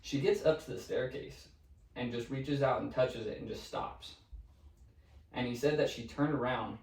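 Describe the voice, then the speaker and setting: Dude telling creepy stories on a podcast, swears a lot, sounds far off in an echoey room. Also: male voice, medium pitch, gravelly. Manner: profane, animated storyteller. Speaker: podcast co-host. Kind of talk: casual storytelling chat. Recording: roomy, distant mic.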